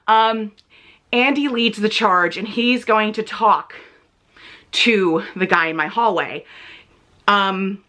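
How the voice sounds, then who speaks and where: A woman's voice: medium pitch, slow pace, long pauses, pushed and bright. A young woman vlogger telling a gossipy story in a casual, chatty way, acting out what people said.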